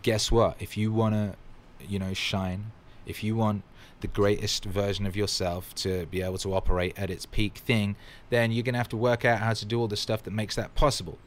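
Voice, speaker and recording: A man with a low voice hosts a motivational livestream, building to emphatic, exclamatory bursts and swearing freely. He stops now and then to read out viewer comments. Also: little pitch movement, moderate pace, hardly any pauses, slight background noise. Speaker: livestream host.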